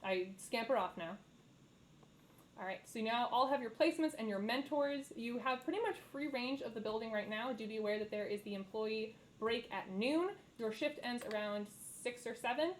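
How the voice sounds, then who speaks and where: A woman's voice: a little high, normal speed, a little hiss or hum, rough recording. A young woman narrating as dungeon master in a casual way, full of fillers and easy laughs. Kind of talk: narrating a tabletop game.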